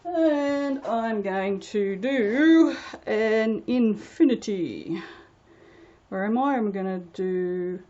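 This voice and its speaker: A woman's voice: medium pitch, drawn-out words, dark tone, highs cut off. A woman chatting casually as she works on a soap-making vlog, rambling along with self-deprecating asides. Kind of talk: casual commentary while working.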